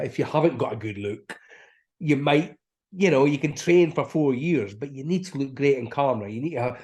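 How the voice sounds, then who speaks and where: A man's voice: medium pitch, mellow. A middle-aged man recalls his career in a casual, rambling way. He talks in easy, anecdotal runs, full of restarts. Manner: chatty, laughing, acts out quoted dialogue. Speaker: actor, interview guest.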